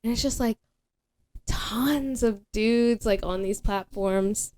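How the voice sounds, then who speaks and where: A young adult woman hosting a podcast, chatting casually in a rambling, animated way full of fillers. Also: on the high side, takes it slowly. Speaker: podcast host. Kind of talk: casual chat.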